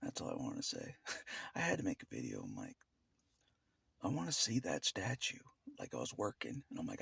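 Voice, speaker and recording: Gravelly, husky whispering man. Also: low voice, wildly swooping pitch, normal speed, a bit bright, no echo. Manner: rambling, laughs often between phrases. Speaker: vlogger. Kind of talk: casual monologue to camera.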